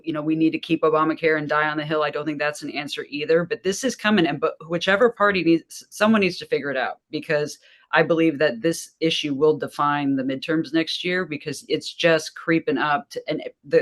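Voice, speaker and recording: A woman political strategist giving an earnest opinion as a panel guest. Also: deep voice. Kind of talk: panel discussion.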